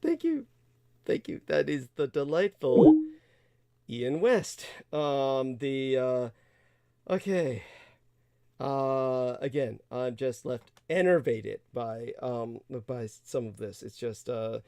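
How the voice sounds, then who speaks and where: A man hosting a livestream in casual talk, halting, with many fillers, restarts and soft laughs. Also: medium pitch, lively intonation, creaky, clear, resonant tone, no room sound, studio quality. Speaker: livestream host.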